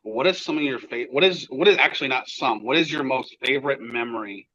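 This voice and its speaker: Bright man on a dull, lo-fi mic. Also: mid-range voice, brisk, a little hiss or hum. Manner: brief agreeing remarks. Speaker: podcast co-host. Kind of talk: casual chat.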